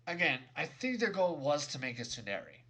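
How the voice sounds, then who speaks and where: A man's voice: fairly high pitch, very animated, normal speed, sharp tone. Exasperated young man ranting a review. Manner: exasperated, emphatic and sarcastic. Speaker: game reviewer. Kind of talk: ranting video game review.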